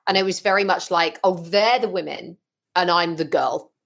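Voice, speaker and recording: A woman talking as a podcast guest, telling her story frankly and with lively, blunt humour. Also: on the low side, moderate pace, vocal fry. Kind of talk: casual interview chat.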